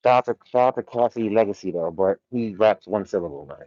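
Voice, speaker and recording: A lowish, darkish male voice moves at a quick pace here, captured in lo-fi audio without room sound. He's a livestream host in a warehouse, reading chat and tossing out laid-back, slang-filled commentary punctuated by laughs.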